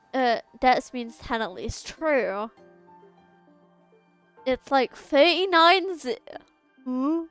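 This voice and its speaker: A young woman streams a game, casually chatting and reading its dialogue aloud while faint game music plays. Her voice sits high and is a bit bright and smooth; she draws out words, pauses often, trips over long words, and laughs at herself.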